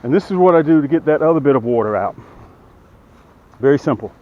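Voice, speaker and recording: Talking fast with lively intonation and a slightly high voice, a middle-aged boat dealer shows off a boat outdoors by the water. He's folksy and casual, speaking right to viewers as he works, a bit breathless from lifting. The highs are cut off and there's slight background noise.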